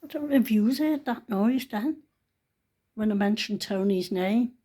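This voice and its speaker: A woman's voice: medium pitch, unhurried, dark tone. Earnest woman in her sixties telling a story. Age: 60s. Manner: chatty, earnest, folksy storytelling. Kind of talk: casual storytelling vlog. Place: at home, sitting on a sofa.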